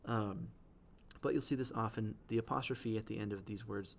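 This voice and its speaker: A man teaching, explaining the language of poems in a patient way. He checks in often with "right?" and reads the quoted lines slowly. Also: on the low side, fairly even intonation, gravelly, slight background noise.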